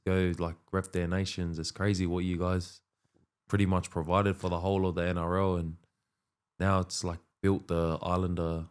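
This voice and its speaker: Flat deep-voiced young man hosting. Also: normal speed, smooth. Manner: laid-back, says "bro" and "like" often. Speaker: podcast host and rugby league player. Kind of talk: casual interview chat.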